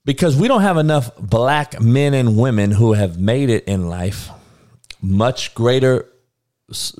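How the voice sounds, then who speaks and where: Male host mid-rant: irritated, cursing, blunt, heated street-talk delivery at a mid pitch. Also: a little mellow. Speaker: show host. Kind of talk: ranting monologue.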